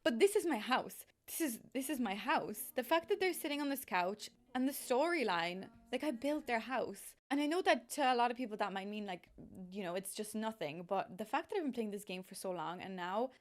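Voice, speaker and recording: Young woman, bubbly gushing chat, emotional, a little high-pitched. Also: animated, fairly quick. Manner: bubbly, gushing, laughing, rambling. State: emotional, close to tears. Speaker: YouTuber, game builder. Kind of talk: excited casual vlog chat.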